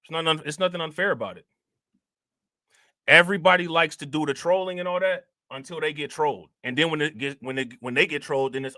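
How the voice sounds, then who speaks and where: A man hosting a casual livestream in loose, slangy talk, tossing in "you know what I'm saying" again and again. His voice is bright and pitched a little high, and the sound is dry and close to the mic. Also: fast, dry recording. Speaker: livestream host.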